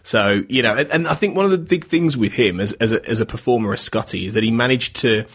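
A man's voice: medium pitch, fast, slightly rough. A man co-hosting a podcast, chatting casually and stumbling over his words with restarts. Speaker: podcast co-host. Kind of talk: casual discussion.

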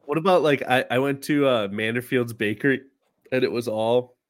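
A man chats on a casual podcast, audibly tired but easygoing. He teases his co-host and laughs often, speaking at an ordinary middle pitch. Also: moderate pace. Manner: relaxed, teasing, laughs easily. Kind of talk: casual comedic chat.

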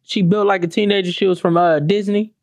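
A woman holds forth on her podcast in a heated, profane rant full of rhetorical questions. Her mid-pitched voice jumps up for exclamations and drops low for asides. The sound is close and dry. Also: fairly even intonation, brisk, darkish tone, dry recording. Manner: swings between high exclamations and low, dropped asides. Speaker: podcast host. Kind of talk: profane ranting podcast monologue.

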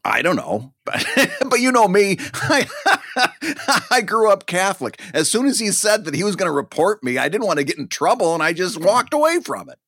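A man's voice: high-pitched, big pitch swings, moderate pace, a bit bright, no echo, clean studio sound. A man chatting casually on a podcast, rambling and self-deprecating, laughing often.

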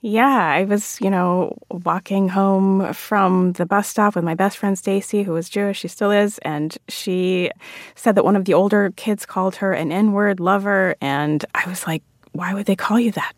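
Lively comedian woman, dry studio sound. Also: mid-range voice, unhurried, no room sound. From United States, Jamaican immigrant family. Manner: animated storyteller, acts out quoted voices. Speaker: comedian and author, guest. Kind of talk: radio interview.

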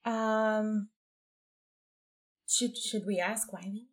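A woman's voice: medium pitch, fairly even intonation, drawn-out words. A woman playing a tabletop game in character, stammering and calling herself dumb. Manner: stammering, self-deprecating. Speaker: player.

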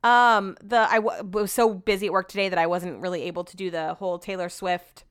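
A woman's voice: medium pitch, fairly even intonation, a little fast, clear, resonant tone, dry recording, studio quality. A young adult woman hosting a podcast at home, rambling in casual solo chat and swearing freely. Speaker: podcast host.

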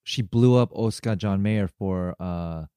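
A man co-hosting a podcast, talking about a drama in a hesitant, halting way. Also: sits low, warm tone, clean tone, no echo, studio quality. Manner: hesitant, halting, with many fillers and restarts. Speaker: podcast co-host. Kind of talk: casual chat.

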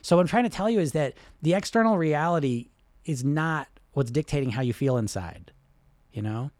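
A man coaching on weight loss and hypnosis in a casual, animated talk, often swearing and asking "right?". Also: a little high, normal speed, no room sound, studio quality. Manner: animated, swears freely, many fillers like "right?".

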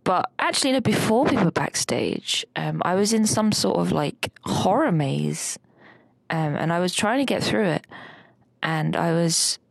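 A woman's voice: lowish voice, animated, measured pace, vocal fry, husky, no echo. A woman co-hosting a podcast, telling a rambling dream story with lots of fillers and laughter. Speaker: podcast co-host recounting a dream. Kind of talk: casual chat.

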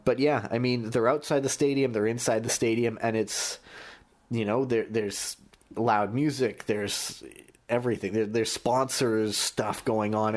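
A man, a sports journalist recalling match-day stories in a podcast conversation. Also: on the low side. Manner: anecdotal storytelling, many restarts.

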